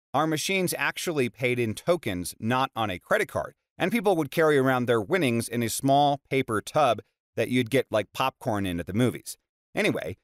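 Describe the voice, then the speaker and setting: A man's voice: mid-range voice, no room sound. A man narrates a string of anecdotes for a story channel, with wry remarks between them. His voice sits in the middle range. The recording is close and dry, with no room around it. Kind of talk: reading internet stories aloud.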